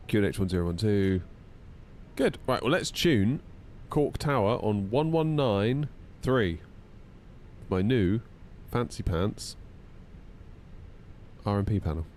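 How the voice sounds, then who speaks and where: A man chatting casually while streaming a flight sim at home, voice jumping high when he gets indignant. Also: very animated, slow, pauses often, darkish tone, a little hiss or hum. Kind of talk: casual live-stream chat.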